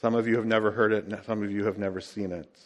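A man's voice: lowish voice, flat delivery, quick pace. A man, preaching as a pastor with chatty, self-deprecating humor and frequent fillers. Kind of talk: sermon with church announcements.

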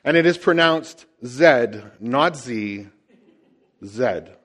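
A man quoting a patriotic ad rant in a low, leaning-in voice that builds with enthusiasm. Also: expressive, measured pace. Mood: proud. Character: man in flannel delivering a proud patriotic rant.

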